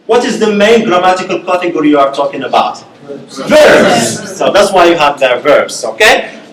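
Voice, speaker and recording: A man's voice: sits high, a bit bright, a little hiss or hum. A man giving a university linguistics lecture, explaining step by step and checking in with the class with frequent "okay?" and "right?". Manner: explains step by step with many okays and rhetorical checks. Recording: echoey classroom.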